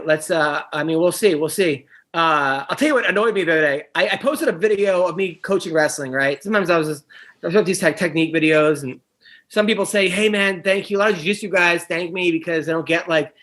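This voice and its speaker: Man, podcast co-host, high voice, bright tone, rambling, gets animated. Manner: rambling, restarts, animated when annoyed. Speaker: wrestling coach. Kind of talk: casual podcast chat.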